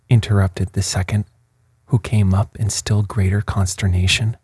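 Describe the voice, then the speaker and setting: A man reading a gothic novel aloud as a calm, soft bedtime story. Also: sits low, breathy edge, no room sound. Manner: slow, soft, even. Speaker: sleep story reader.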